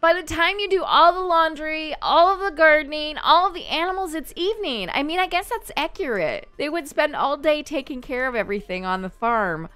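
A woman hosting a gaming channel, chatting and thinking aloud as she comments on her gameplay, quick to laugh. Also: sits high, animated, fairly bright tone.

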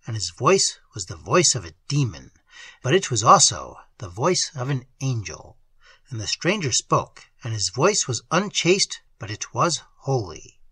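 A man giving a dramatic, hushed reading of an old weird tale, dropping into whispers at times, recorded close on a dry mic. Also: mid-range voice, breathy edge, no room sound. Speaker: narrator. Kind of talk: scripted literary reading.

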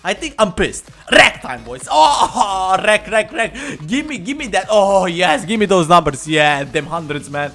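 A man's voice: high-pitched, measured pace, vocal fry, few pauses, a bit bright. A man giving boastful, foul-mouthed gameplay commentary, trash-talking opponents and laughing often. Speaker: gamer. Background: faint background music.

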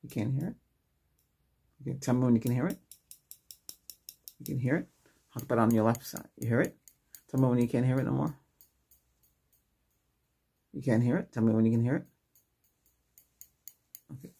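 A man in a whispered role-play as a doctor, talking softly and gently and checking in with short questions, close to the microphone. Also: mid-range voice, brisk, vocal fry, long pauses, husky.

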